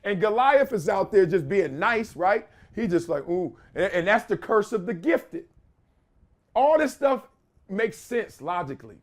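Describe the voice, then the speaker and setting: A man hosting a podcast, talking in animated casual commentary, laughing often and slipping into quick voices of other people. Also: sits high. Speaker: podcast host.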